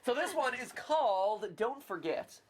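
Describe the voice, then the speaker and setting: A man co-hosting a gaming livestream, playful and quick to exclaim. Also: extremely high pitch, very animated, slightly rough. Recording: game stream with music behind.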